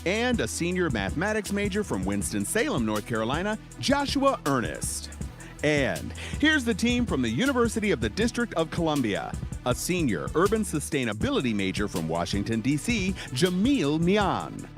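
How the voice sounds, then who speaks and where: A man's voice: on the high side, wildly swooping pitch, normal speed. Guy announcing a game show, super swoopy voice, music playing under him. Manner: showy, sing-song introductions.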